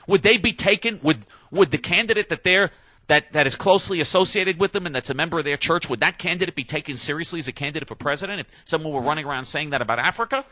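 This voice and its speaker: Man, angry combative commentator ranting solo, slightly high voice with a tense bright edge, dry close sound. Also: fast, no echo. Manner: angry, combative, emphatic with repeated restarts. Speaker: political commentator. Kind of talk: heated monologue rant.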